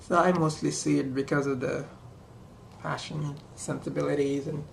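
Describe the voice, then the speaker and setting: A woman's voice: deep voice, fairly even intonation, a little slow, gravelly, reverberant, slight background noise. A woman chatting casually to camera while doing her makeup, rambling and talking to herself in asides. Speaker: vlogger. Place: small room at home.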